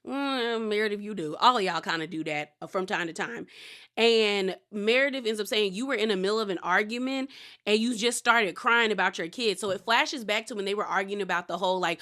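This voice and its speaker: A woman's voice: medium pitch, pushed and bright. A woman casually recapping a reality show episode, chatty and opinionated, quoting the cast and often calling them girl. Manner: chatty and opinionated, calls people girl, quotes cast members.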